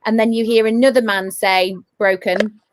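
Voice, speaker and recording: Woman ghost hunter, mid-pitch, eager storyteller, stumbles and repeats. Casual chat. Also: normal speed. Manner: eager, restarts and repeats phrases. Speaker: paranormal investigator.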